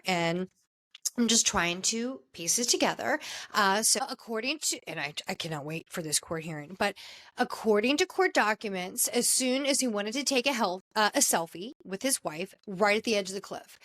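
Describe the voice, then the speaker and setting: A woman podcast host telling a news story in casual commentary, with fillers, restarts and lively emphasis. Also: medium pitch.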